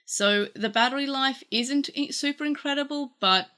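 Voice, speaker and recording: Bright-voiced Australian woman, chatty, rambling reviewer tone. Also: high-pitched, moderate pace. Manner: chatty, rambling with fillers and restarts. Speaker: tech reviewer. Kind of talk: casual unboxing review.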